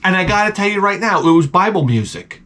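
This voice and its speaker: A man telling a rambling, profane comic story with deadpan asides, as a vlogger. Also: high-pitched, fairly quick.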